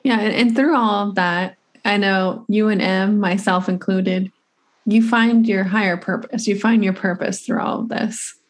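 A woman's voice: mid-range voice, steady tone, unhurried. A woman hosting a podcast in casual conversation, earnest and reflective, often restarting her sentences. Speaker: podcast host.

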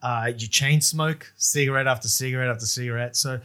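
A man's voice: mid-range voice, fairly even intonation, fairly quick, bright, forceful tone. A man co-hosting a casual chat as a stand-up comedian, rambling, laughing often and swearing casually. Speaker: podcast co-host, stand-up comedian.

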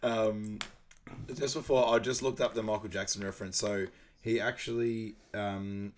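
A young man with a fairly low voice chats through a film recap for a podcast. He laughs often and bursts into loud quoted lines. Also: fairly even intonation, normal speed, a little hiss or hum. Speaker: podcast co-host. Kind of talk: casual movie recap chat.

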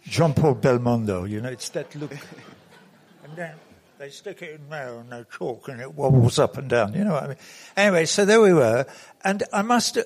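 Brief: man at a conference podium, loose storyteller, stops and restarts, mid-pitched. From England. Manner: rambling storytelling with self-corrections. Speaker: conference speaker. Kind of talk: anecdotal conference speech. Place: conference hall.

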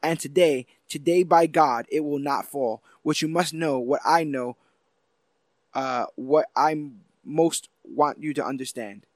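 A man reads out a superhero's grave, rousing speech, his voice sitting a little high. The delivery is solemn and declaiming. The sound is close and dry. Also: unhurried, dry recording, lightly acted. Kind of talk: dramatic reading aloud.

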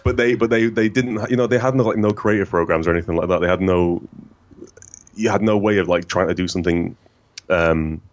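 Very deep-voiced man, rambling chat. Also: brisk, highs cut off, a little hiss or hum. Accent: faint northern English. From northern England. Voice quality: rich, smooth voice. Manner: rambling, self-deprecating, many restarts. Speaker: guest. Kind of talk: casual conversation.

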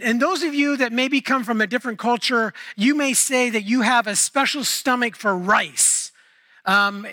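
A man's voice: sits high, sharp tone. A man preaching a sermon as pastor, in a casual, playful way with many fillers and restarts. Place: church sanctuary.

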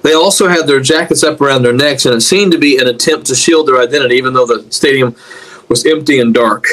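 A man tells of a prophetic dream with dramatic storytelling flair, often repeating words while he searches for the next one. He slows down and drops his voice low to stress the key lines. The recording is low quality and a little bright.

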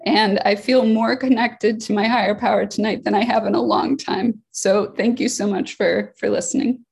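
A woman's voice: medium pitch, steady tone, moderate pace, creaky, a little mellow, breathy edge. A woman sharing reflectively in a support-group meeting, earnest and full of "like" fillers.

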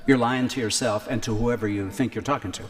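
A man's voice: mid-range voice, fairly even intonation. Man preaching a sermon in a reverberant hall. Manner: conversational, repeats key lines slowly for emphasis. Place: church. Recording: reverberant church hall, faint ambience.

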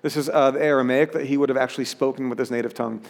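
A man's voice: medium pitch, steady tone, rapid-fire, gravelly, in a large hall. A pastor preaching a sermon in an earnest way, rising to emphatic peaks as he reads scripture.

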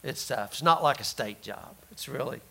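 A man preaching a sermon, telling folksy stories and rising to loud emphasis. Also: mid-range voice, normal speed, creaky, husky. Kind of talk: sermon with personal story.

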